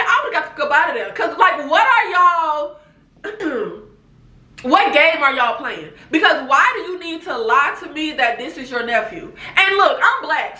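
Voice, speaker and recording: A woman giving a casual TV show recap, laughing often and talking straight to her viewers. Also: high voice. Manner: animated, laughs often, talks to viewers as "baby" and "y'all". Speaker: TV recap vlogger. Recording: echoey room.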